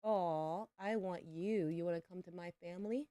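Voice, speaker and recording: A woman's voice: fairly low pitch, moderate pace, mellow, no room sound. A young adult woman streaming a farming game, chatting playfully with her viewers. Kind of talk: casual livestream chat while gaming.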